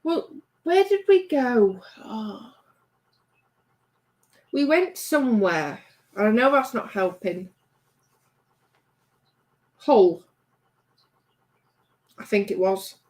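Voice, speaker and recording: A chatty woman co-hosts a casual late-night stream, reading out viewer comments and teasing back. Her voice sits a bit higher than most women's. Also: expressive, drawn-out words, long pauses, a little mellow. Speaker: livestream co-host reading chat. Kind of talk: casual chat.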